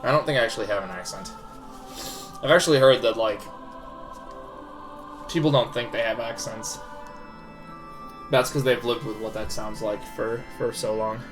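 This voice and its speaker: A man's voice: mid-range voice, moderate pace, pauses often, music in the background. A young man casually commenting on a game during a live stream, swearing freely and chuckling to himself. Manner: loose, swearing, chuckling asides.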